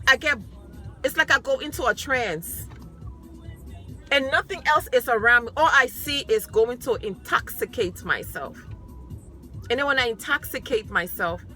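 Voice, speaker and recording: A woman gives her personal testimony, building her points through emphatic, repeated declarations. Her voice sits high and sounds strikingly bright and forward. Soft music plays faintly behind her. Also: lively intonation, normal speed, pauses often. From New York.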